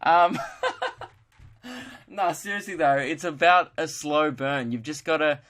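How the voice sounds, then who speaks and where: Young male podcast host, slightly high voice, rambling jokey chat. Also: slow, fairly bright tone. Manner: rambling, joking, self-mocking. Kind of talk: casual solo podcast chat.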